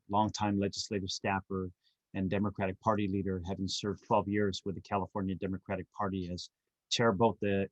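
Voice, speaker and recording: A man's voice: on the low side, no room sound, muffled recording. A man co-hosting a virtual celebration, formally introducing each speaker over a video call. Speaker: event co-host. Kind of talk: emceeing speakers.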